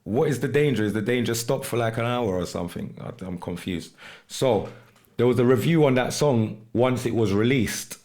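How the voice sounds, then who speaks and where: A relaxed man talks through his music on a podcast, easygoing and unhurried, with patois slang mixed into his speech. His voice sits at an ordinary middle pitch. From United Kingdom. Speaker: podcast host and music artist. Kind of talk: casual podcast talk.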